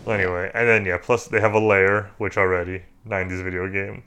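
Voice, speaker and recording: A man hosting a relaxed movie podcast, joking his way through a rambling review. His voice sits low and sounds smooth and resonant, and he pads his sentences with fillers. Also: quick pace. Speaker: podcast co-host. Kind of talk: casual movie review chat.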